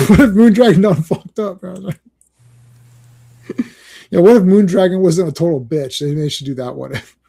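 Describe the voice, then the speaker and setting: A man's voice: sits high, moderate pace, vocal fry, pauses often, mellow, breathy edge. A man hosting a casual comic book podcast, rambling with restarts and frequent laughter. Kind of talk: casual chat.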